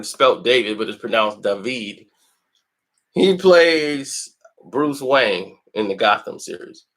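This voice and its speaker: A man's voice: mid-range voice, sharp tone. A man hosting a film review channel, chatting casually and telling stories with lots of laughter and acted-out quotes. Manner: laughs often, tells stories animatedly; acts out quotes in put-on voices. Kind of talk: casual chat.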